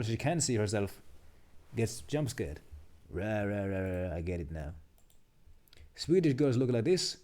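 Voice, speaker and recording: On a live stream, a man reads memes and reacts to them, chatty and muttering, laughing at the jokes and restarting sentences constantly. His voice is mid-range with a warm tone.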